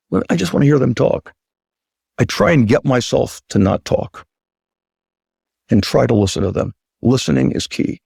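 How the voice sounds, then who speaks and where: A man with a gravelly, husky voice talks as a surgeon guest in a dry, close-sounding room. He speaks emphatically, repeats his points for weight, and slips into the voices of patients and doctors as he tells stories. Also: mid-range voice, lively intonation, moderate pace, pauses often, a little mellow, dry recording. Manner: emphatic, acts out quoted patient and doctor talk; repeats key points for stress. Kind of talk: conversational interview talk.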